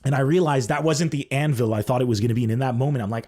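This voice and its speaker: A man's voice: mid-range voice, rapid-fire, few pauses. A man hosting a comedy podcast, talking casually and acting out the lines he quotes. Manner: animated, acts out quoted lines.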